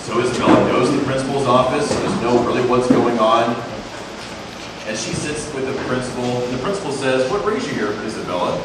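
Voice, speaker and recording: A man's voice: mid-range voice, fairly even intonation, fairly quick, heavy background noise. Distant, echoey man narrating a skit. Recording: echoey room, far from the mic.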